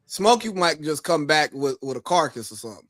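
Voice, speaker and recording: A man co-hosting a sports podcast, talking in a relaxed, offhand way that trails off. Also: fairly high pitch, fairly quick. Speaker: podcast co-host. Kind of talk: casual chat.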